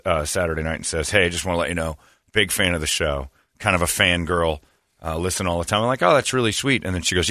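A man's voice: low voice, pushed and bright, no echo, clean studio sound. A man hosting a radio show, telling self-deprecating stories and acting out the people he quotes. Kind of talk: casual storytelling on morning radio.

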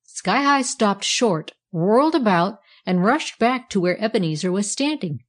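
Woman reading a kids story, clear and even, middle pitch. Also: unhurried, hardly any pauses. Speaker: reader. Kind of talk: storybook narration.

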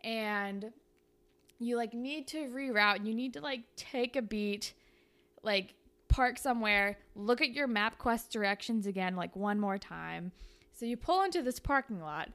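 A young woman co-hosting a podcast improvises fan fiction on the spot in casual, chatty talk packed with "like" and other fillers. Her voice is a little high and fairly bright.

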